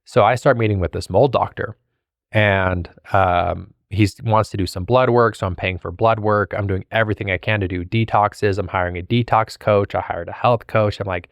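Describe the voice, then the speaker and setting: A man with a low, gravelly voice talks straight into a close, dry-sounding mic. He tells his own story in an earnest, candid way, often acting out what he and others said. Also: steady tone, normal speed, dry recording. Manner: earnest, reenacts conversations, many "I'm like" asides. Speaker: podcast host and coach. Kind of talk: solo storytelling, casual and candid.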